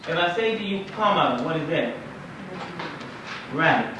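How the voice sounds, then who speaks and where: A man's voice: fairly high pitch, expressive, a little slow, background noise. A man, an imam, teaching an Arabic class in a conversational lecture, quizzing his students with questions in a mosque classroom. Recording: echoey room, distant mic, dull lo-fi 1990s tape.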